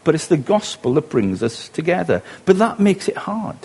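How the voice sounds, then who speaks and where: A man's voice: fairly high pitch, sing-song, normal speed, vocal fry, a little mellow, slightly rough. A middle-aged man from West Wales with a Welsh accent, preaching a conversational sermon and asking the listeners rhetorical questions.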